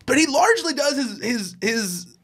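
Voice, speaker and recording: A man's voice: very high voice, big pitch swings, moderate pace, fairly bright tone, breathy edge. A man co-hosting a podcast in casual chat, chatty and inquisitive, laughing easily. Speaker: podcast co-host.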